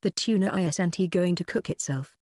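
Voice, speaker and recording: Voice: medium pitch, normal speed, darkish tone, no room sound, lightly acted. A narrator voicing an irritable young male chef who snaps blunt orders, in a dry close recording.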